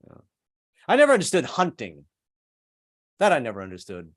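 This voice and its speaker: A man's voice: medium pitch, big pitch swings, a little fast, pauses often, no room sound, clean studio sound. A man in his seventies, performing a rambling, self-deprecating stand-up set over a video call from home. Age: 70s. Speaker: stand-up comedian.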